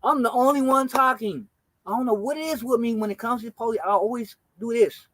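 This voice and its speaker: A man hosting a livestream, telling a story in an animated, slangy, profane way. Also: very high voice, a little fast, dry recording. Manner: acts out quoted people in character voices. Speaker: livestream host. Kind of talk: casual storytelling chat.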